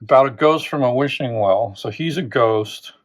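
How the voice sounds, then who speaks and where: A man's voice: medium pitch, normal speed. A man hosting a channel, giving an unscripted close reading of song lyrics, thinking aloud with rhetorical questions and frequent restarts. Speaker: literature teacher and channel host.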